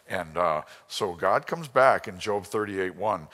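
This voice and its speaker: A man's voice: low voice, animated, a little slow, few pauses, fairly bright tone. A man teaching a sermon from an outline, telling stories and acting out the people he quotes. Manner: storytelling, voices quotes, drops to a whisper. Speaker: Bible teacher. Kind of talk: lively sermon with anecdotes. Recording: long hall reverb.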